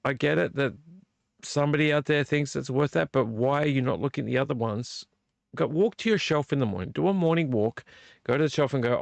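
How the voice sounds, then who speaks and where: Ranting man with a gravelly voice. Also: mid-range voice, quick pace, no room sound. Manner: ranting, repetitive rhetorical questions. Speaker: vlog host. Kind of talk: live-stream rant about collecting. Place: home room.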